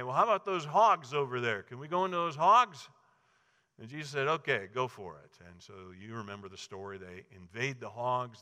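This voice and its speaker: Man, pastor, sermon storytelling, bright tense voice, long hall reverb. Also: mid-range voice, clean tone. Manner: storytelling, acts out quoted voices with rising emphasis.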